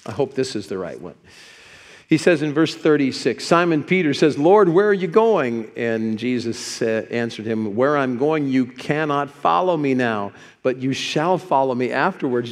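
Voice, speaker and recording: Preaching man in a reverberant hall. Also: on the high side. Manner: conversational, animated when quoting scripture. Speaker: pastor. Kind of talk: sermon. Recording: echoey hall with long reverb.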